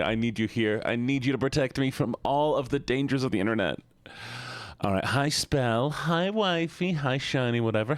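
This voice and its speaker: A sleepy man streaming live, greeting his chat one by one in a playful sing-song. His voice sits fairly low but swings widely in pitch. The sound is dry and close. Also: no room sound. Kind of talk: casual chat greeting viewers.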